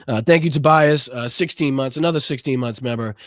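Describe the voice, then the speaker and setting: A man's voice: mid-range voice, dry recording, studio quality. A man hosting a live podcast stream, ranting with lots of swearing, then thanking viewers from the chat. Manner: profane, impassioned ranting; calmer, halting reading of chat messages. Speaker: podcast host. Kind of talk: livestream rant and chat thank-yous.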